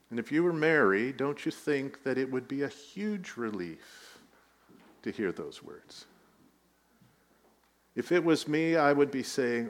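A man's voice: medium pitch, expressive, a little slow, long pauses. A man preaching a sermon, telling the story with rising emphasis and light asides. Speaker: pastor.

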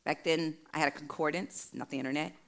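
Low, gravelly woman preaching. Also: steady tone, fast. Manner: storytelling, emphatic, earnest. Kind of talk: sermon with personal testimony.

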